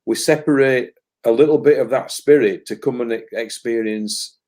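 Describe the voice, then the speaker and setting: A man's voice: medium pitch, normal speed, mellow. A man as a guest on a live talk, musing at length about spiritual experience with many restarts. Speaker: spiritual guest and energy reader. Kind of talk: casual live conversation.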